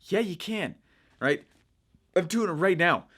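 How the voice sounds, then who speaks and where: A young man coaching viewers in a chatty, energetic way, checking in with "right?" as he explains. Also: sits high, unhurried. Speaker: online marketing coach. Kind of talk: casual teaching monologue.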